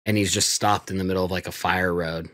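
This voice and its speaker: Young man, podcast co-host, very deep voice, laid-back storytelling, swears, dry close sound. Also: level tone, fast, a bit bright, no echo. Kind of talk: casual chat.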